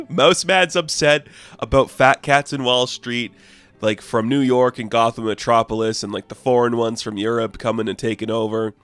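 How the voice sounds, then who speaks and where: A man's voice: medium pitch, steady tone, moderate pace, a bit bright, smooth, no echo, soft background music. A man giving a casual, rambling comic book review, full of fillers and amused asides.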